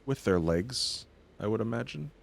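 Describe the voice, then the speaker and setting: A man's voice: lowish voice, lively intonation, normal speed, creaky, no echo. A man hosting a let's-play of a video game, chatting casually and joking sarcastically as he plays. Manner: sarcastic, joking, reads game text aloud. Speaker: host of a gaming show.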